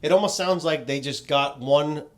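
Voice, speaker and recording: A man co-hosting a casual podcast chat, talking in a relaxed, conversational way. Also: a little high, normal speed. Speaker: podcast co-host.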